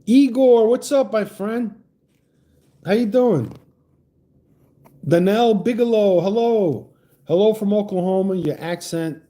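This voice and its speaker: A man's voice: sits high, unhurried, long pauses, dark tone. A man hosting a livestream, ranting heatedly about politics and greeting chat viewers with profane, stammering restarts. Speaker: livestream host reading chat.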